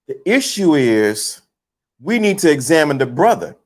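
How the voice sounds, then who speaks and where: Male streamer with a high voice, emphatic and repetitive, riffing to his chat in casual talk. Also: normal speed. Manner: animated, emphatic, repeats himself; greets chat viewers mid-sentence. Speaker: livestream host. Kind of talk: casual livestream commentary.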